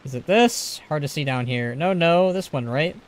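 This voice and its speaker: A man's voice: a little high, expressive, normal speed. A man streaming a game live, reading the text aloud with chatty, joking commentary.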